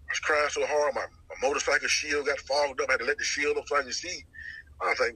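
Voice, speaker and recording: A middle-aged man tells his life story as testimony. His voice is husky and tight, with a very bright, sharp edge. He talks with lots of animation, repeating lines and putting on the voices of the people he quotes. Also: medium pitch, brisk, no echo, poor audio. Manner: lively storyteller who acts out the voices he quotes, repeats phrases. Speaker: guest sharing his testimony.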